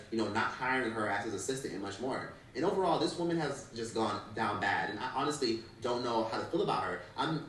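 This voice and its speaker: Blunt fast-talking man in an echoey room. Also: mid-range voice, a bit bright, recorded from a distance, a little hiss or hum. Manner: blunt, swearing. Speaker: commentary YouTuber. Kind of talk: commentary.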